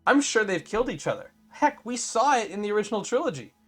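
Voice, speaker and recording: Guy venting about a tv episode, kinda high voice, lots of likes and restarts, faint music under it. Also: fast talker, husky. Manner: animated, exasperated, lots of fillers and restarts. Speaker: podcast co-host. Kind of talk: casual review chat.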